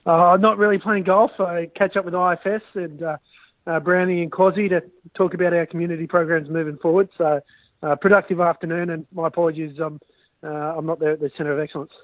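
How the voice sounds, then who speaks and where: A man's voice: fairly high pitch, fairly even intonation, a little fast, dry recording. A man answering interview questions about his club, upbeat, with many fillers. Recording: tinny dry phone line.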